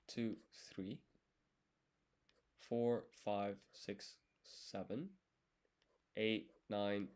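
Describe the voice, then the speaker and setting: A man's voice: fairly low pitch, a little mellow. A young man studying on a live stream, counting strokes aloud and explaining each step patiently as he writes. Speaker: language learner streaming his study. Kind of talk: casual live study session, thinking aloud.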